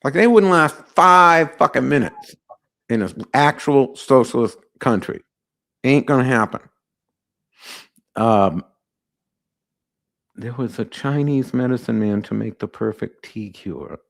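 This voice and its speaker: A man's voice: mid-range voice, lively intonation, takes it slowly, vocal fry, long pauses, fairly bright tone. A man hosting a live call-in podcast, talking in a brash, joking, rambling way. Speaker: podcast host.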